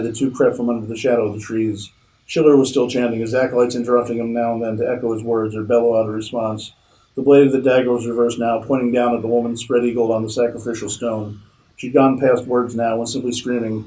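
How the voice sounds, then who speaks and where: A man, an author, reading his own fiction aloud at a convention in a steady narrating manner. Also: mid-range voice, slight background noise, poor audio.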